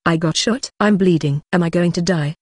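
A synthetic audiobook voice reading the lines of a timid, anxious, earnest young man in a flat delivery. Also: mid-range voice, moderate pace, dry recording, clean studio sound, close to an everyday voice.

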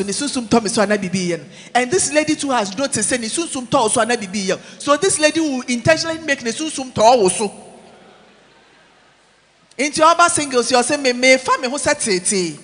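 High-voiced preacher in an echoey church. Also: male voice, brisk. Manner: animated, mixing English with Twi, shouting and dropping low. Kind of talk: sermon.

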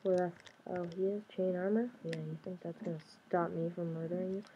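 A young woman who makes gaming YouTube videos comments casually on her play, talking to herself in a chatty, playful manner. Her low-ish voice is brisk with a steady tone. The audio is very noisy with the highs cut off, and keyboard and mouse clicks run underneath.

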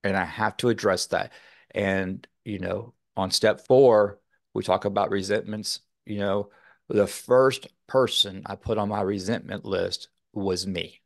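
Man from Texas, very low voice, gravelly, dry close sound, earnest, rambling. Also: steady tone, a little slow, no room sound. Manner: rambling, earnest, many fillers. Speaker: podcast guest. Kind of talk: casual interview talk.

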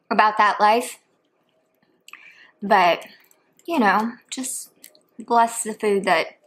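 A woman's voice: mid-range voice, a bit bright, a little hiss or hum. A woman chatting casually between bites in a home eating video. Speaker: mukbang vlogger. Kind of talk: casual chat while eating.

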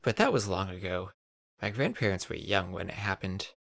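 A man's voice: low-pitched, big pitch swings, normal speed, creaky, fairly bright tone, no echo, exaggerated voice. A man voicing a weary, impatient young traveler in a raised, strained tone. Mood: bored.

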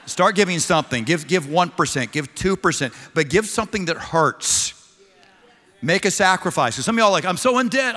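A man's voice: mid-range voice, pushed and bright. A man preaching a sermon as pastor, talking directly and bluntly with joking asides. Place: large church auditorium. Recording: long reverb of a large hall.

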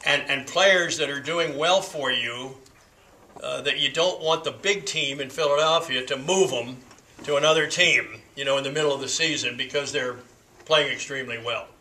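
Folksy older man with a bright voice. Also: medium pitch, poor audio. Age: 70s. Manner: folksy, unhurried, with frequent fillers. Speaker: class speaker. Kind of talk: storytelling talk to a class.

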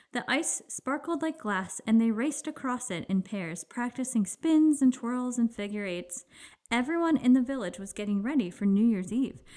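A woman's voice: on the high side, dark tone. Woman reading a children's book aloud. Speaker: storybook narrator.

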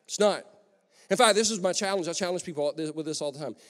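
Energetic high-voiced male preacher, echoing hall. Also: fast talker. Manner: energetic, conversational, joking asides. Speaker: pastor. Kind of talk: lively sermon. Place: large church hall. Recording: long echo of a church hall.

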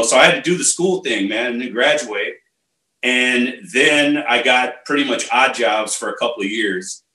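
A man in his fifties, a martial arts instructor, telling stories in a casual and animated way. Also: medium pitch. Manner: animated, acts out quotes, many fillers. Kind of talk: casual storytelling. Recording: roomy echo.

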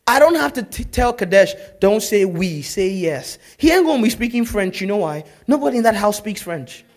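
A man preaching a sermon as pastor, telling stories in a lively way that swings from loud to hushed. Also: extremely high pitch, fast talker.

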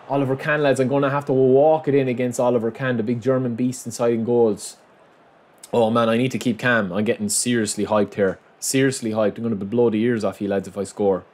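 A man giving live gameplay commentary, swinging between hyped shouting and low muttering as he plays. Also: a little hiss or hum. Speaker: gaming commentator.

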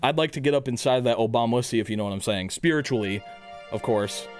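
A young man streaming a video game live, chattering crudely, reading chat aloud and bursting into loud shouts. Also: mid-range voice, quick pace, soft background music. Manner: reads chat aloud and jokes with viewers.

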